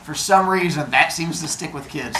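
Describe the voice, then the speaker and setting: A male teacher telling myths to his class in an animated, jokey way, full of voices. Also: a little high, normal speed, noisy background. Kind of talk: classroom storytelling. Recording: echoey classroom from far off.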